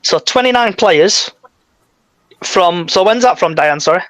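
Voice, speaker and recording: A man's voice: high-pitched, animated, measured pace, fairly bright tone, dry recording, poor audio. A man hosting a casual football fan podcast, steering the talk and swearing bluntly. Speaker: podcast host.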